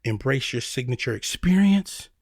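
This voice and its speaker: Animated, preachy motivational man. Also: mid-range voice, moderate pace, dry recording, clean studio sound. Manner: preachy, animated, acts out voices of critics. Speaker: podcast host. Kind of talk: motivational talk.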